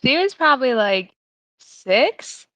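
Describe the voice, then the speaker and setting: A woman's voice: high-pitched, big pitch swings, slow, a bit bright, dry recording, rough recording. A young woman co-hosting a casual chat, telling stories and laughing through them. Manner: giggly storyteller, laughs through her stories. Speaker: podcast co-host.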